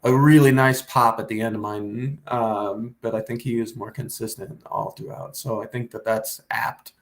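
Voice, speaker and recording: A man's voice: mid-range voice, steady tone, moderate pace. A man, a comedian guest, chatting casually on a podcast and rambling through restarts and some swearing.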